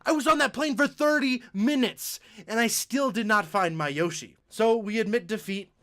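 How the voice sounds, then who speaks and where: A man's voice: sits high, moderate pace, pushed and bright. A young man telling a childhood story as a vlogger, laughing often. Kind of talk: storytime vlog.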